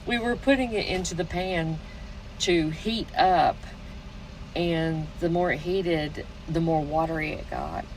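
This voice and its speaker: A woman chatting casually, her voice low and her pace slow and unhurried. She tells stories at length and laughs often. A faint background hum sits under her voice. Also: lively intonation, poor audio. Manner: unhurried storytelling, frequent laughter. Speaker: snare maker. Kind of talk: casual chat.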